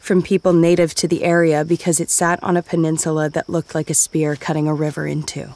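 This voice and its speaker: A narrator reading a story aloud in a steady, even manner. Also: mid-range voice. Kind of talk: audiobook narration.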